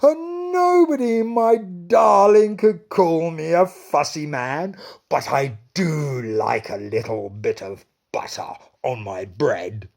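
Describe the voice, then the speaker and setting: A man's voice: high voice, lively intonation, slow, creaky, mellow, voice pushed up, full character voice. A man voicing a fussy, childish old king who whines and whimpers, in a storybook reading. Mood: delighted. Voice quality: whining, whimpering.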